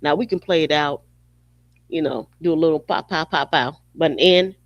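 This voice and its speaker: A man with a slightly higher voice hosts a podcast in a casual, rambling monologue. He speaks straight to the person he is discussing and fills his talk with plenty of "you know" and "um". The recording is dry and slightly dull. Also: a little fast, no echo. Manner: conversational, talks straight to the subject, many fillers. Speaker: podcast host.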